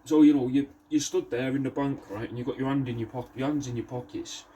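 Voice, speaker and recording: A man, rambling through a deadpan sales pitch for his taxidermy art, slangy and swearing, saying "mate" a lot. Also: fast, a little hiss or hum. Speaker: taxidermy artist showing his work.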